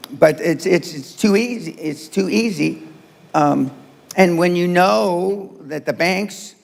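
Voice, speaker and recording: Speaking before a live audience, a man gives a business talk that's blunt and profane, hammering his points through repetition. His voice is high-pitched with vocal fry, and the hall is reverberant.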